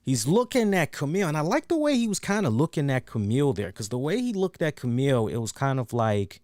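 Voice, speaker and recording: A male host talks through a wrestling episode in a loose, enthusiastic ramble, doubling up words and sometimes acting out what was said. His voice is smooth and resonant at a middle pitch. The sound is dry and close to the mic. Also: sing-song, fairly quick, a little mellow, no room sound. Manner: enthusiastic, rambling, repeats words, acts out quotes. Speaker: wrestling show reviewer. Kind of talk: casual solo review recap.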